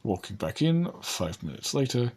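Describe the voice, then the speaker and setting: A young man casually narrating a homemade first-person story, rambling and halting, speaking his own character's lines. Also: medium pitch, sing-song, darkish tone, breathy edge.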